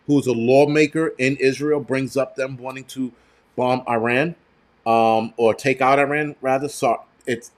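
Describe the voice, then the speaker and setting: An American man at an ordinary middle pitch, hosting a casual live stream. He talks straight to his viewers in a loose, rambling way, blunt and quick to swear. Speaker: prepper channel host.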